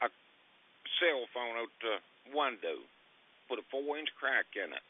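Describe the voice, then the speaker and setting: A man's voice: medium pitch, lively intonation, a little slow, breathy edge. An older man calling in by phone, rambling through a coarse, heated grievance. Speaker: caller. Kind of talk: phone-in storytelling. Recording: tinny phone line.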